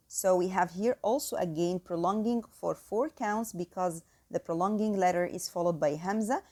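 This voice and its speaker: A woman teaching tajweed in English, explaining each rule and then reciting the words slowly and carefully to show the right sounds. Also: lowish voice, warm tone. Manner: slow, careful demonstration of Arabic sounds, counting out elongations. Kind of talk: tajweed lesson with recited examples.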